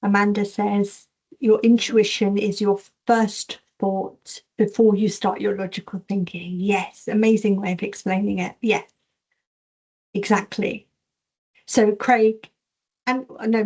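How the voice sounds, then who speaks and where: Animated woman teaching a masterclass. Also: on the high side. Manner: animated, reads chat questions aloud and acts out inner voices. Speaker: intuition and Reiki teacher. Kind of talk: online masterclass talk.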